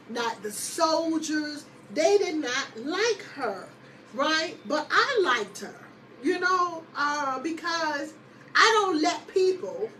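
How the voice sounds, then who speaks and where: A woman host casually telling a personal story to her listeners, lively and chatty, often laughing and calling them y'all. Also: high voice, recorded from a distance, slight background noise, low-quality recording.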